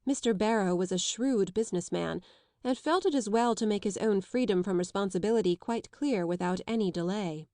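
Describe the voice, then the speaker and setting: A woman serves as audiobook narrator for a classic children's novel, reading scripted narration steadily and evenly. Her mid-range voice comes through in dry, clean studio sound.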